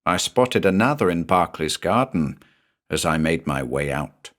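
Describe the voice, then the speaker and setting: Deep male horror narrator, lively intonation, measured delivery. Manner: measured, dramatic storytelling.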